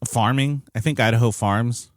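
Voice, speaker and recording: An American man co-hosts a podcast, chatting casually, rambling, hedging a lot, and swearing now and then. His mid-range voice moves at a normal speed, recorded at studio quality with no echo.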